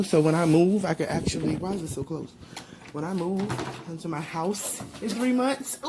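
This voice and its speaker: A talkative woman filming a relaxed home vlog, chatting straight to her viewers as she moves through her townhouse. Her voice sits at an everyday middle pitch, with a faint hiss beneath it. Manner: talkative, addresses viewers directly. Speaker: vlogger.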